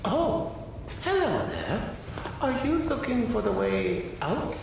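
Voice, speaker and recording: Porter, a gravelly gentle toon. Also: male voice, high voice, wildly swooping pitch, slow pace, heavily acted. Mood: polite. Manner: polite, whimsical, soft-spoken. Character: gentle, cheerful old-fashioned male game character. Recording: very echoey, distant, noisy game audio.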